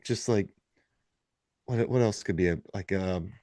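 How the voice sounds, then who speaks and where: A man's voice: low-pitched, measured pace, warm tone, dry recording, studio quality. A man guesting on a podcast in a casual chat, joking around and trying out silly phrases. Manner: playful, jokey, tries out silly phrases.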